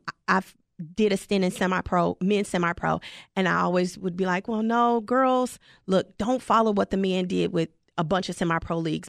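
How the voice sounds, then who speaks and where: A woman football coach speaks with fiery conviction, her voice carrying a gravelly rasp. The sound is dry and close. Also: lowish voice, no room sound. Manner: passionate, emphatic. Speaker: high school football head coach. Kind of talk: casual interview talk.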